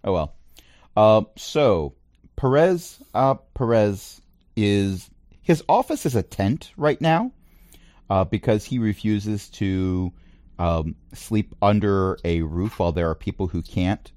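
A man running a tabletop game as game master. He narrates in a relaxed way with a lowish voice. The sound is close and dry. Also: slow, no echo. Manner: relaxed narration, chuckles often.

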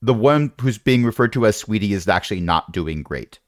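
A man's voice: fairly low pitch, expressive, brisk, no room sound, clean studio sound. A man narrating a tabletop game as game master, with playful, rambling descriptions and asides.

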